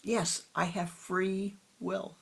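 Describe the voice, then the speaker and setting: A woman voicing a proud, stubborn male disciple who slowly insists that he has free will. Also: medium pitch, level tone, gravelly, fairly bright tone, slightly rough, pitched above the performer's own voice, exaggerated voice. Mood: defiant. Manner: slow, insistent, defiant.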